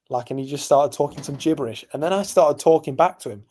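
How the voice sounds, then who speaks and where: A young English man co-hosting a podcast tells a long, rambling story in casual conversation, full of ums and asides. His slightly high, slightly mellow voice moves fast with hardly any pauses.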